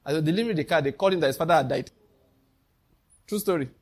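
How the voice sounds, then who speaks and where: A man preaches a sermon, fairly high in pitch. He is emphatic and keeps throwing questions out to the congregation. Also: rapid-fire. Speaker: pastor.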